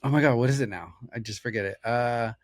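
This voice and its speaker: A man's voice: medium pitch, quick pace, no echo, studio quality. A man co-hosting a podcast, chatting casually and giving short agreeing replies. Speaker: podcast co-host. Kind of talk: casual chat.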